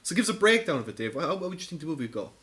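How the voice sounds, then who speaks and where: A man co-hosting a podcast in casual chat, spinning an excitable, profane story. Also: on the high side, very fast, over a noisy crowd. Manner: animated, excitable storytelling with lots of swearing. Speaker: podcast co-host.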